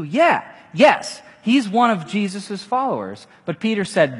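A man preaching in a big hall with long reverb trailing his words. His voice is slightly high and a little husky, and it swings widely in pitch as he acts out the quotes. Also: a little slow, hardly any pauses. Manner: animated, acting out quotes with casual asides. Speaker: pastor. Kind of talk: sermon.

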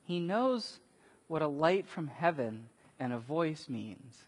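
A man preaching a sermon, telling stories and acting out quotes with sudden loud bursts. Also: a little high, takes it slowly, husky. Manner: animated storytelling, acts out quotes with big swings in loudness. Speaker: pastor. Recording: long reverb of a large hall.

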